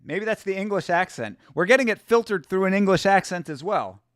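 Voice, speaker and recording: This fight-stream host has a high, smooth, expressive voice and a brisk delivery. He chats loosely with viewers, joking and swearing plenty as the fights play. It's a dry recording with clean studio sound.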